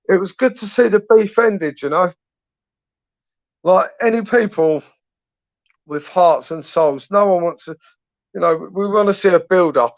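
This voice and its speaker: A man's voice: fairly high pitch, no echo, highs cut off. A man, hosting his channel in a casual live chat, rambling and swearing with lots of tag questions. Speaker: YouTube channel host.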